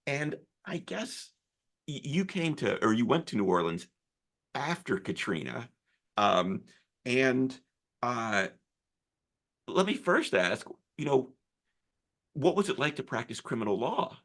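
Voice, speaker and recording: Gravelly guy interviewing, lots of ums, mid pitch. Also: very animated, fairly bright tone. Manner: hesitant, halting, many fillers. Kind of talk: interview questions.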